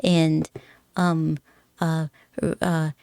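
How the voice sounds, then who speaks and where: A woman streamer rambles through a casual chat with her viewers, giggling often and teasing them playfully. Her voice sits fairly low, and the close mic sounds dry with no room echo. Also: level tone, drawn-out words, a little mellow. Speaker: live streamer.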